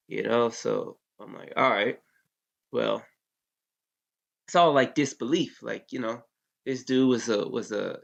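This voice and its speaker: Man, thirties, army veteran, casual storytelling, gravelly, low voice, muffled lo-fi recording. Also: fairly bright tone. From United States. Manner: laid-back, heavy with fillers like "you know", curses freely. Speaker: interview guest, Army veteran. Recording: dull lo-fi sound.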